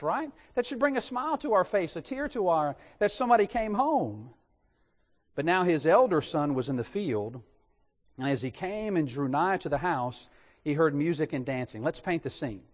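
A man preaching a sermon in an animated way, putting rhetorical questions to his congregation. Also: on the high side, in a large hall.

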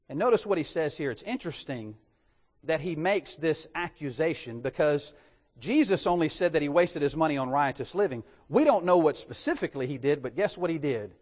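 Lively preacher in an echoing hall. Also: male voice, fairly high pitch, brisk. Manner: animated, asks the congregation rhetorical questions. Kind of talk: sermon.

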